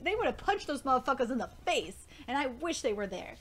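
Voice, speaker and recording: Excitable high-voiced woman gushing over comics. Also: a little fast, few pauses. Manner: excitable, gushing, swears freely; reads comic dialogue aloud between comments. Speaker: manga reaction host. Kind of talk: live reading reaction.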